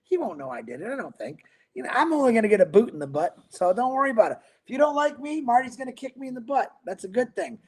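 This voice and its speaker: Very high-voiced man hosting a livestream. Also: sing-song, husky. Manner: rambling, greets viewers by name, upbeat; talks fast and mumbles. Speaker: livestream host. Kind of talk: casual livestream chat reading viewer comments.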